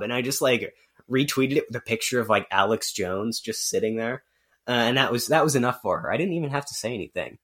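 A man chats loosely on a podcast, trailing off and restarting as he goes. His voice sits at an ordinary middle pitch. He fills gaps with "like" and "um.". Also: expressive, fast, a bit bright. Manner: rambling, full of "like" and restarts. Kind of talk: casual podcast chat.

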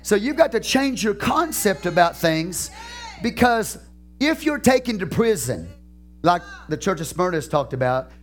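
A man pastor preaching a sermon in a church, fervent and questioning, with shouted peaks and slow drawn-out phrases. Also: sits high, sing-song.

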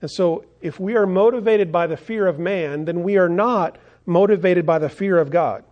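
A man's voice: sits high, normal speed, a little mellow, dull audio. A male pastor preaching a sermon in an earnest storytelling manner, streamed online.

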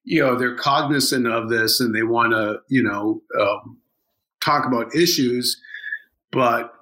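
A man chatting casually on a podcast, his voice bright and forceful. He rambles, circling his points with plenty of fillers and restarts. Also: medium pitch, unhurried, poor audio. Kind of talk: casual chat.

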